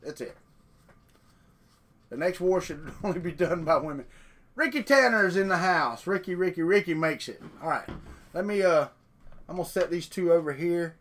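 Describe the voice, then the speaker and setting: A man's voice: a little high, moderate pace, pauses often, a bit bright. A man hosting a live stream, chatting casually in a folksy, rambling way. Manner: folksy, rambling, talks off the cuff.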